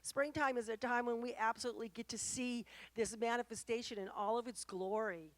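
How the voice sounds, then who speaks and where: A woman's voice: on the high side, fairly even intonation, brisk, no echo. Earnest woman minister preaching. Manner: warm, earnest, reflective preaching with storytelling. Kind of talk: sermon. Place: church or spiritual center.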